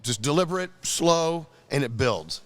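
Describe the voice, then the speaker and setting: A middle-aged man, a radio host visiting a podcast as a surprise guest, joking and teasing in a relaxed showroom chat. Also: on the high side, a little slow. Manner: teasing, joking, playful ribbing. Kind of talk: casual live podcast chat. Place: car dealership showroom.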